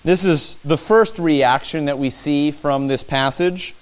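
A man preaching a sermon in church, animated, acting out the disciples' cries as he teaches. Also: fairly high pitch, a little slow, few pauses, clean tone.

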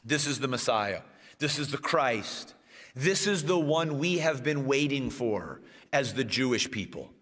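A man's voice: medium pitch, expressive, fairly bright tone. Man preaching in a reverberant church. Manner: emphatic preaching with slow, stressed phrases and rising bursts. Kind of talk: sermon. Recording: long reverb of a church hall.

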